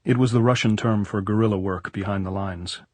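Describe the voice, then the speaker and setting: A man narrating an audiobook in an even, understated manner. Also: on the low side, a little fast, dry recording. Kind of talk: scripted narration.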